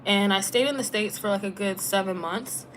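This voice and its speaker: A young woman talks in a loose, chatty way on a live stream. Her voice sits at an ordinary middle pitch and stays easygoing, with plenty of "like" and casual slang. A faint hiss of background noise runs under her voice. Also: normal speed. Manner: relaxed and chatty, heavy use of "like" with slang. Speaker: travel vlogger and former teacher.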